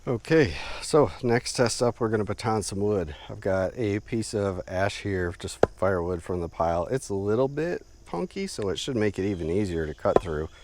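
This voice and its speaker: A man casually narrating an outdoor knife test, relaxed and rambling with lots of fillers, outdoors in the woods. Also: on the low side, normal speed, hardly any pauses, slight background noise. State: a bit out of breath. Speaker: outdoor gear reviewer.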